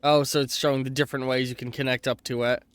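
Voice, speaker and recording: A man's voice: medium pitch, flat delivery, fast talker, clean tone, no echo, faint music behind. A man casually commenting on his gameplay as a let's play streamer, chatty and swearing, reading game text aloud. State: clearing throat with heartburn.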